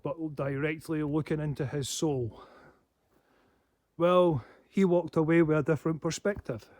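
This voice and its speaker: Male vlogger, higher-pitched voice, dry close sound, rambling and swearing. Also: steady tone, unhurried, a little mellow, no room sound. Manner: heavy swearing, laughing to himself. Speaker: paranormal channel host. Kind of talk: casual rambling monologue.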